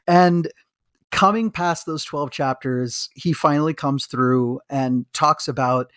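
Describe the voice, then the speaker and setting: A man's voice: mid-range voice, a little slow, dry recording, studio quality. A man co-hosting a medical history podcast, chatting enthusiastically and rambling with asides and restarts. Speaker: podcast co-host, physician. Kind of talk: casual chat with a read-aloud book passage.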